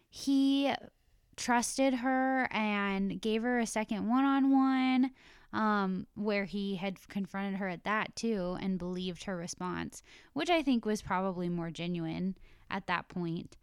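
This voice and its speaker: A young woman co-hosting a podcast, retelling a reality show episode in casual, animated chat. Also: mid-range voice, smooth, no room sound, studio quality. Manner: animated storytelling, laughs often. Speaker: podcast co-host.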